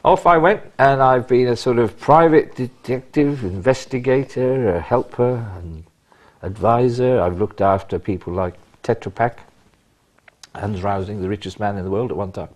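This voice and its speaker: An older man, a retired police officer, telling animated stories in an interview with bursts of emphasis. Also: medium pitch, normal speed. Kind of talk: anecdotal interview.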